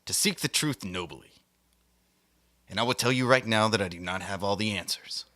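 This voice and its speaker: A man hosting a satirical monologue, speaking with a mock-serious, grandiose air and slipping into theatrical asides. His voice sits low, yet the tone is bright and forceful. The sound is dry and close, with no room around it. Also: normal speed, no room sound. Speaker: host.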